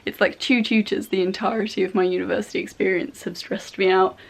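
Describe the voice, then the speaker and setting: A woman's voice: medium pitch, flat delivery, a little fast, vocal fry. A young woman vlogger venting in casual chat, exasperated and chatty. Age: young adult. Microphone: compact camera.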